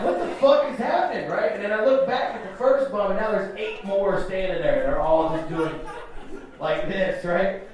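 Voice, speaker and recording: A young man in his twenties doing a stand-up comedy set, telling a story in a loose, profane way with asides to the crowd. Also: high-pitched. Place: comedy club stage. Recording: echoey club room from far off with crowd. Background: audience laughter.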